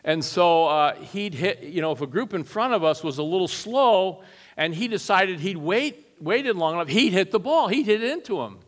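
Folksy man preaching in a reverberant church. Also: moderate pace. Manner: folksy and animated, rising loud and high for punch lines. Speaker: guest preacher. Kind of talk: storytelling sermon. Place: church sanctuary.

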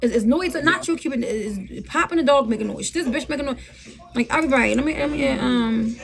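A woman's voice: high voice, quick pace, creaky. A woman hosting a casual livestream chat, blunt and profane, talking over the others. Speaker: host.

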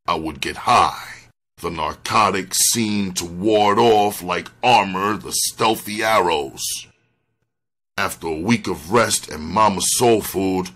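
A man reading a first-person memoir aloud, slow and deliberate. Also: fairly low pitch, fairly bright tone. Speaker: audiobook reader.

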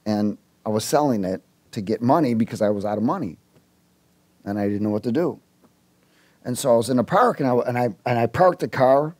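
A male preacher with a lively, swooping voice that rises and drops a lot as he tells a story from the pulpit. He acts out the voices in his story and keeps stopping to restart or chuckle. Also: medium pitch, breathy edge. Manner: animated storyteller, acts out dialogue. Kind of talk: sermon with personal story.

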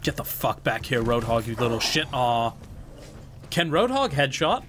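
A man's voice: medium pitch, very animated, moderate pace, a bit bright, slight background noise. Joking, swearing young man playing games. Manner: joking, swears freely, sings and mimics game lines. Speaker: gaming channel host. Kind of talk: casual gameplay chat.

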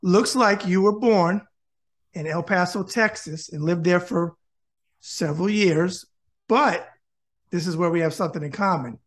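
A man's voice: high voice, measured pace. A man from Westchester County, New York hosting a web interview show with upbeat, showman-style introductions. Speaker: host.

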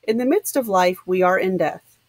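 A woman voicing a stern, pious elderly spinster who speaks in a clear, prim way. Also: medium pitch, normal speed, no room sound, lightly acted.

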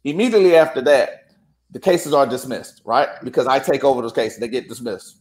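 A man's voice: medium pitch, fairly quick. A man telling a courthouse story in casual chat, acting out the dialogue. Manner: animated, acts out quoted dialogue. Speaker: guest.

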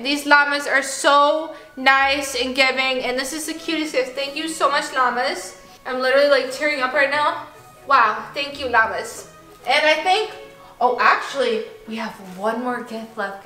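A young woman vlogging at home, gushing and bubbly, with plenty of "like" and excited gasps. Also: high voice. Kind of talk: excited casual vlog. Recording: echoey room, faint music.

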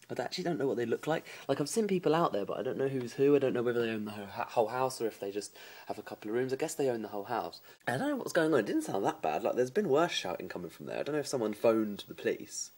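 A man vlogging casually from his phone at home, gossiping about his neighbours with lots of energy. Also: quick pace. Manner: animated, mimics neighbours in shrill shouts and whispers. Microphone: phone camera held by hand.

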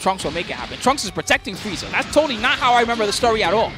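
Excitable high-voiced man commentating esports. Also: rapid-fire. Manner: excitable, laughs often, slangy banter with chat. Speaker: tournament commentator and stream host. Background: game music.

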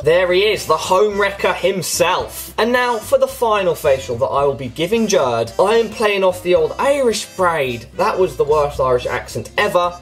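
A man's voice: high-pitched, poor audio. A man giving playful, teasing commentary while editing photos for a comedy video. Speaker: YouTuber. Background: background music.

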